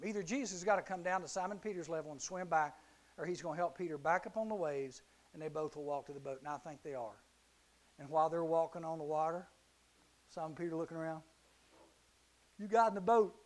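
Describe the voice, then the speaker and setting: Middle-aged male youth speaker with a high voice, animated Bible storytelling. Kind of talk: youth sermon.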